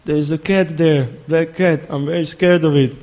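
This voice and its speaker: A man's voice: a little high, steady tone, moderate pace, darkish tone, close to an everyday voice. A man voicing a small frightened boy who pleads with his mother in a whining, clingy way, told within a spoken story. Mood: scared.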